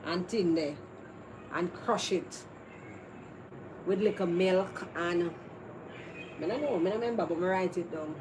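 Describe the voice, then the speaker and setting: A woman's voice: on the low side, a little slow, long pauses. A Jamaican woman hosting a casual live stream, chatting with viewers in a rambling, chatty way that is full of laughs. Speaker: livestream host. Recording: noisy background ambience.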